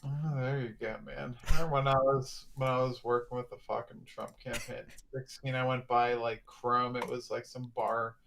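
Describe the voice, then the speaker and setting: A man's voice: mid-range voice, flat delivery, moderate pace, vocal fry, few pauses, fairly bright tone, a little hiss or hum. A young man co-hosting a casual podcast, chiming in with short crude quips. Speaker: podcast co-host. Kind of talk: casual chat.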